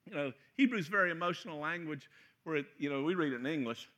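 Animated, high-voiced preacher. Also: male voice, quick pace. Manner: animated, joking, acts out voices with loud shouts. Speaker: pastor. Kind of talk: sermon.

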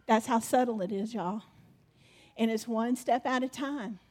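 Lady preacher, high voice, playful and animated, bossing the skit along. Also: unhurried. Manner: animated, playful, directs the congregation. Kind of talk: sermon with a live skit.

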